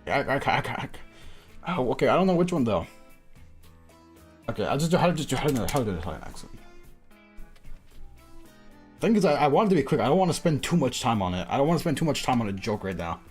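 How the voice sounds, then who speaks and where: A man chats casually to his live-stream audience in an ordinary mid-range voice, rambling and poking fun at himself with frequent laughs. Faint music plays quietly behind him. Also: mid-range voice, very animated, fast talker, pauses often, husky. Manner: self-deprecating, laughs often, rambling.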